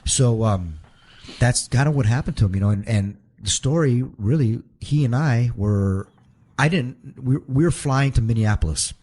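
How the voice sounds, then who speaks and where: A man's voice: mid-range voice, moderate pace, a little mellow. A man, a professional wrestler, telling a long story in a casual interview, rambling and acting out the voices of the people he quotes.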